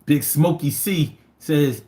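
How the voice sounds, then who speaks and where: Reading chat and spinning stories on a laid-back livestream, this Philadelphia man in his fifties talks in a lively, slangy, foul-mouthed way. He's slightly high-pitched and takes it slowly.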